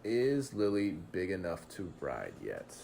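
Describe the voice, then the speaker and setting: A man's voice: deep voice, wildly swooping pitch, a little slow, creaky, dark tone, a little hiss or hum. Hesitant male game master. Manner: hesitant, filler-heavy narration. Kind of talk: narrating a tabletop game.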